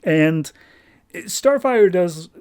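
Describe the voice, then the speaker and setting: A man's voice: high voice, lively intonation, extremely slow, a little mellow, smooth. A man hosting a comic book podcast, recapping an issue in a casual, rambling way with wry, sarcastic asides.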